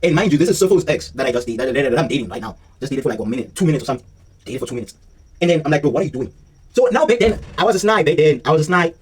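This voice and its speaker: Man, storytime vlog, very fast, husky, slangy and animated, recorded from a distance. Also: on the high side. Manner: slangy, animated retelling with acted-out dialogue. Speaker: vlogger telling a story. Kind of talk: casual storytime monologue.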